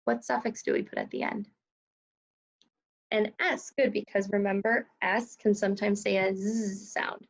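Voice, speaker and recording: A woman teaching a recorded second grade phonics lesson, enunciating sounds slowly and clearly, praising and prompting her pupils. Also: medium pitch, steady tone. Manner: slow, clearly enunciated, encouraging teacher talk.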